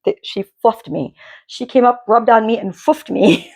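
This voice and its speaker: A woman's voice: on the high side, steady tone, unhurried, creaky. A woman hosting a knitting podcast, chatting casually from her home dye studio in a rambling way, often restarting her sentences. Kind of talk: casual chat.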